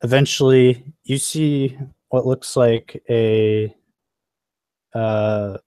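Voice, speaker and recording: A man's voice: mid-range voice, steady tone, extremely slow, dark tone, smooth, no echo. A man narrating as game master of a tabletop game, describing scenes unhurriedly with fillers.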